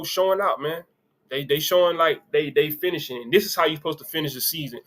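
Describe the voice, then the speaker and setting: A man hosts a casual sports stream, chatting freely and tossing in side comments. His voice sits a little high and rings bright and forward. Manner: loose, conversational, reads comments aloud with asides. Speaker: sports show host.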